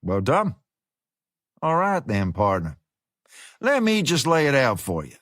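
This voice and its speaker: A man voicing a smooth, menacing male American fixer who talks with easygoing slang. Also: medium pitch, wildly swooping pitch, a little slow, fairly bright tone, dry recording, studio quality. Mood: drawling menace.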